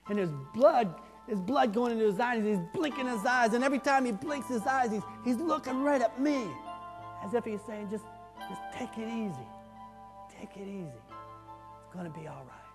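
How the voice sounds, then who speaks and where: A man acting out a tough, streetwise ex-criminal who tells his story in coarse, colloquial speech, lurching from booming outbursts to near whispers. The voice sits high for a man. It rings through a church sanctuary with a long echo and faint music underneath. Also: normal speed. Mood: awed. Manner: coarse colloquial talk, swinging from loud outbursts to hushed tones. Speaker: pastor. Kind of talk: first-person dramatic monologue in a sermon.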